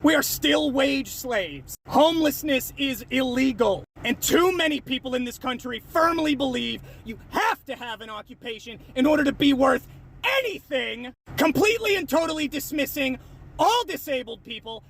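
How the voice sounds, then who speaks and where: Yelling guy from the US, super high pitch and swoopy, cussing up a storm answering comments. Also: lively intonation, normal speed, creaky. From United States. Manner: shouting, profane, heated. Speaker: online commentator. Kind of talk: angry rant replying to comments.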